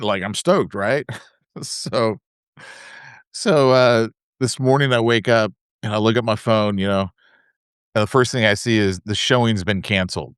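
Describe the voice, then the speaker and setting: A man's voice: lowish voice, moderate pace, clean tone, no echo, clean studio sound. A man co-hosting a podcast, telling casual anecdotes full of fillers and asides. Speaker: podcast co-host. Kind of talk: casual chat.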